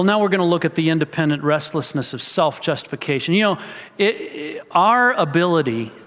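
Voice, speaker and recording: A man's voice: on the high side, a bit bright. A man preaching a sermon as pastor, explaining scripture and acting out a character's thoughts with rising emphasis. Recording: reverberant hall.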